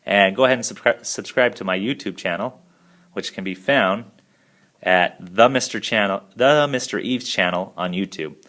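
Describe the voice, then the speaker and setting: Low-voiced man explaining math steps. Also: normal speed. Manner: steady step-by-step explaining. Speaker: math teacher. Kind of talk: narrated math lesson.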